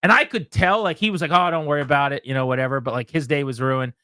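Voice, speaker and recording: A man hosting a radio show, telling a story in a casual, animated way and acting out the voices of the people in it. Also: a little high, fast talker, dry recording, studio quality.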